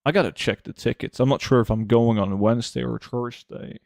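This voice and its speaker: A man's voice: mid-range voice, steady tone, a little fast, vocal fry, a little mellow, dry recording, clean studio sound. A man, a game streamer chatting casually and reading his chat aloud in a laid-back way full of fillers. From Norway.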